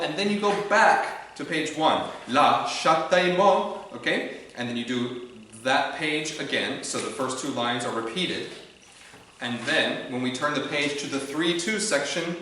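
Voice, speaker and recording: A man leading an online choir rehearsal, giving clear, encouraging directions. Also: mid-range voice, sharp tone. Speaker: choir conductor. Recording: very echoey room, far from the mic, faint noise.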